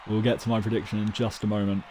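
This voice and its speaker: A man streaming a wrestling video game, giving chatty, excitable commentary and predictions. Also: on the low side, fast, a faint crowd, slight background noise. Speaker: gaming streamer. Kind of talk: casual live-stream commentary.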